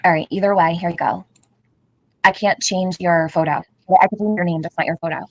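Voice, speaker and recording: A chatty middle-aged woman hosts a casual livestream. Her voice sits a little low, and she greets viewers by name and laughs often. The sound is dry and close, with no room around it. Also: fairly even intonation, fairly quick, dry recording, poor audio. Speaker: livestream host.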